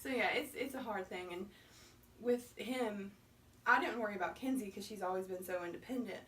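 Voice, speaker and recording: A woman's voice: medium pitch, brisk, fairly bright tone. A woman in her thirties, a mother and co-host, chatting casually about her children, full of "like" and acted quotes. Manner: chatty, lots of "like", acts out quotes. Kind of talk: casual chat. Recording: distant mic with faint noise.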